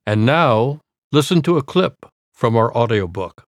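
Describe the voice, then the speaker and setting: An older man talks earnestly and at a measured pace about a book he co-wrote. His voice sits at an ordinary male pitch and is recorded dry and close. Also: lively intonation, no echo. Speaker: author and teacher.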